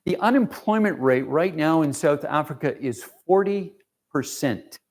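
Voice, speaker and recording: A man's voice: on the high side, expressive, measured pace. A man giving an informal, emotional mission report to a church congregation, rambling with fillers and restarts. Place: church sanctuary.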